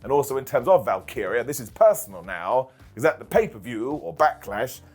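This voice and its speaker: A man hosting a casual recap, animated and jokey with sarcastic asides. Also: medium pitch, fairly quick, slightly rough, faint music behind. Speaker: wrestling show reviewer and host.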